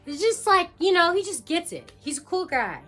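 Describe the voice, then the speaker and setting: A young woman musician talking casually to camera about making her album, full of fillers and quick asides. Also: extremely high pitch, very animated, a bit bright, soft background music. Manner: chatty, filler-heavy, jumps into quoted voices.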